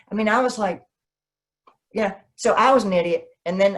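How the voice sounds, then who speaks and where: A woman novelist, a guest in an interview, telling stories in a lively way and acting out what people said. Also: medium pitch, fairly quick. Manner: animated, acts out quoted dialogue. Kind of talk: conversational interview, storytelling.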